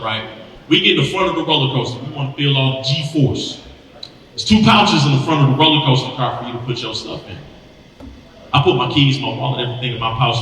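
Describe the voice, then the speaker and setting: Bright-voiced man doing stand-up in a hall. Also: medium pitch, distant mic, slight background noise. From Milwaukee. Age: 30s. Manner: animated storytelling with acted-out voices. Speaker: stand-up comedian. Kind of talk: stand-up comedy set. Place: stage in a large hall. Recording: echoey hall, mic heard from afar.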